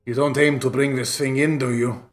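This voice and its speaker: A wary town gate guard, put on by a man running a tabletop game, blunt and suspicious of everyone who rides up. He speaks in an everyday middle pitch with a touch of background music. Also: little pitch movement, brisk, natural voice.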